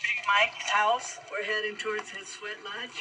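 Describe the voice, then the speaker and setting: A man's voice: high-pitched, level tone, a little slow. A man, a local resident being interviewed on location, speaking plainly in short, blunt sentences. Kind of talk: casual on-location talk. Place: outdoors. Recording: distant outdoor field mic, loud background noise.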